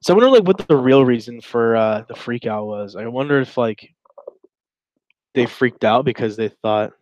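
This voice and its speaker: A man's voice: mid-range voice, expressive, normal speed, darkish tone, no echo, dull audio. Rambling crude man on a dry mic. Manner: rambling, crude, trails off and restarts. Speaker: podcast co-host. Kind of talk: casual commentary reading chat logs.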